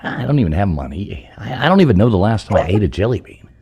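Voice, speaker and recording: A man with a very deep, dark voice. He teases the others and rambles fondly in a casual video chat. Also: sing-song, fast, slightly rough. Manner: teasing, rambling. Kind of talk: casual group chat on a stream.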